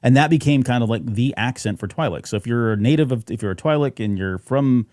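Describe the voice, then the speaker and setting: A man's voice: medium pitch, fairly quick, darkish tone, no echo, clean studio sound. A man co-hosting a fan podcast, chatting casually and rambling with fillers and restarts. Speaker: podcast co-host.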